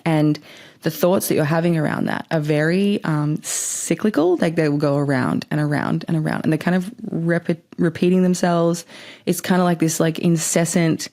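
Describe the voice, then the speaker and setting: A woman's voice: sits low, steady tone, moderate pace, warm tone. A woman hosting a podcast, giving spiritual advice in a chatty, rambling way and swearing casually. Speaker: podcast host.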